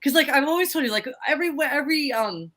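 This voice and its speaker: A woman co-hosts a casual talk show with a slightly higher-pitched voice. She talks effusively, gushing about people she likes and laughing often as she chats. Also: expressive, fast talker, a bit bright. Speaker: podcast co-host. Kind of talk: casual chat.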